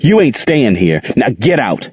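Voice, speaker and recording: A defiant teenage boy snaps back at an intruder, voice pushed higher than the narrator's own, as a man reads him. The sound is dry and a bit muffled. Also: big pitch swings, a little slow, a little mellow, breathy edge, no room sound. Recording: dull lo-fi dry recording.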